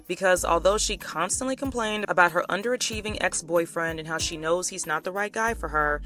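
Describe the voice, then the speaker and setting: A woman's voice: fairly low pitch, brisk, fairly bright tone, faint music behind. Chatty, sarcastic woman recapping a show. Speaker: commentary vlogger. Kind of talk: casual recap commentary.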